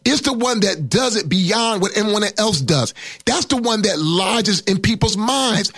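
A middle-aged male pastor preaching an emphatic sermon with a high voice. He stretches words out and lifts his pitch when he presses a point. The sound is dry and close, with little room echo. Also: expressive, measured pace, fairly bright tone, slightly rough.

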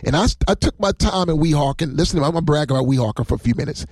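A male pastor preaching to viewers on a livestream, talking in a slightly high voice. He rambles from story to story with heartfelt, excitable energy. The sound is close and dry, with no room around it. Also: rapid-fire, dry recording. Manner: rambling, emotional, excitable, laughs often.

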